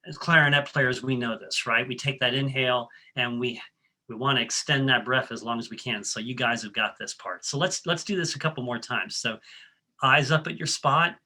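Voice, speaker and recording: A man's voice: medium pitch, moderate pace, pushed and bright. A man presenting a workshop, guiding the audience through breathing steps in a friendly, coaching way with frequent ums and restarts. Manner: coaching, leads the audience step by step. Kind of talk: guided breathing exercise and talk.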